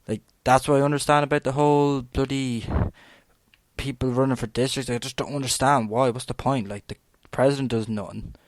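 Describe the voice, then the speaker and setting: A young Irish man holds forth in a loose, rambling rant, blunt and peppered with swearing. His voice sits in an ordinary middle pitch. The recording is dry and close, with no room sound. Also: fairly even intonation, fairly quick, dry recording. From Ireland. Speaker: podcast host. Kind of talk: ranting opinion monologue.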